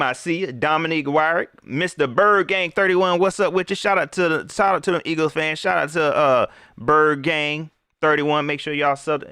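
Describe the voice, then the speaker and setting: A young man hosting a live stream, chatting casually and giving loose, slangy shout-outs to viewers. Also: fairly high pitch, clear, resonant tone, dry recording, clean studio sound. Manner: loose, slangy, rambling, lively.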